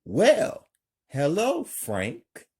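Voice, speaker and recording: A man reading the lines of a polite, calm woman in a husky voice, pitched a little up. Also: very slow, heavily acted. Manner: polite, calm, slightly raised voice. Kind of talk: amateur script read-aloud.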